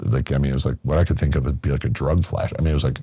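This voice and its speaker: A man's voice: extremely low pitch, steady tone, very fast, mellow, slightly rough, no room sound. A middle-aged man from Michigan, a podcast guest, telling a personal story casually with lots of fillers and acted-out quotes. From Michigan, USA.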